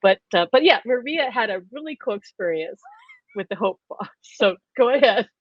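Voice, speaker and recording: A woman hosting a live stream, telling stories in a lively, casual way and laughing often. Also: a little high, normal speed. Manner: animated storyteller, laughs often. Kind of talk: casual chat. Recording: dull lo-fi stream audio.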